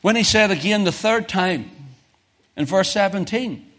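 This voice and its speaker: A man preaching in a church, his voice sitting a little high for a man. He reads scripture in old-fashioned wording and presses questions on his listeners. He climbs loud and high at the big points, then sinks quiet to explain. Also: unhurried. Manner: emphatic, swells loud and high on key questions, drops soft for explanation. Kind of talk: sermon.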